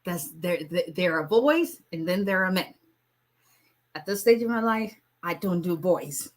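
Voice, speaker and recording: A woman's voice: fairly low pitch, expressive, measured pace. A woman, an immigration attorney casually chatting and joking with viewers on a live stream, laughing often and teasing.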